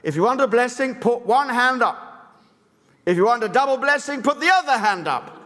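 Stern elderly preacher, southern English tone, commanding, as a pastor puts him on; long church reverb. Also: male voice, very high-pitched, expressive, normal speed, fairly bright tone, voice pushed up. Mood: rousing. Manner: stern, commanding calls to the crowd. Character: strict elderly male revival preacher.

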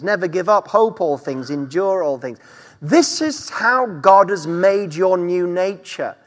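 High, lively-voiced preacher man in a hall. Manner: emphatic preaching with rising and falling delivery. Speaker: pastor. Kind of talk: sermon. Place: church. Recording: church hall reverb.

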